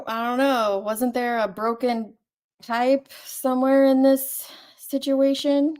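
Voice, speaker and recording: A woman's voice: high-pitched, flat delivery, slow pace, darkish tone. A woman hosting a casual commentary chat, talking loosely and laughing often. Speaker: host.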